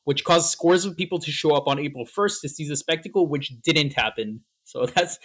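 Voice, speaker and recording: A man's voice: fairly high pitch, moderate pace, slightly rough. A man co-hosting a casual podcast, retelling old pranks with easy laughs and the odd swear. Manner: laughing, relaxed storytelling with swearing. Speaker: podcast co-host. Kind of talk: casual chat.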